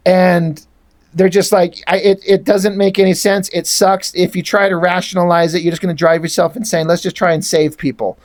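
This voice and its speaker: A man's voice: high voice, flat delivery, moderate pace. A man talks through a comic issue in a loose, rambling way, swearing freely and getting heated about the artists. His delivery is casual and opinionated, full of restarts as he works through his points. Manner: rambling, profane, enthusiastic opinions. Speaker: comic book reviewer. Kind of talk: casual spoken comic review.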